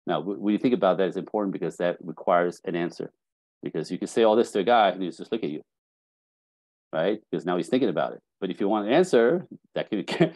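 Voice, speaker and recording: A middle-aged man, a dating coach, telling lively stories on a podcast and acting out bits of dialogue. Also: on the low side, normal speed, long pauses, dry recording. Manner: animated storytelling, acting out dialogue. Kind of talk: casual podcast conversation.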